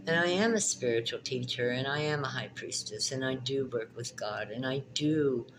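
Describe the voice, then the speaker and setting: A woman's voice: a bass voice, background noise. A woman giving a spiritual tarot reading in a vlog, talking in an emphatic, passionate way and often repeating her phrases. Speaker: tarot reader and spiritual teacher.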